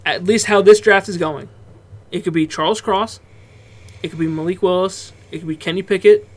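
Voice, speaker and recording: A man's voice: high-pitched, moderate pace. A man co-hosting a casual sports podcast, talking loosely and swearing now and then. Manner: relaxed, swears freely, breaks off into laughs. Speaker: podcast co-host.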